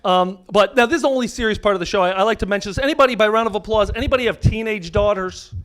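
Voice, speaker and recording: A man's voice: high voice, rapid-fire. A middle-aged American man doing a stand-up comedy set on stage, delivering crude punchlines in a brash way into a handheld mic. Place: comedy venue stage before a live audience. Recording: live set drowned by loud crowd laughter.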